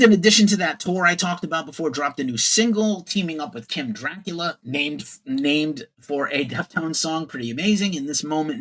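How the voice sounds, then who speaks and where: A man's voice: fairly high pitch, fairly bright tone. A man in his forties hosting a casual livestream news show, opinionated and profane, greeting viewers in the chat.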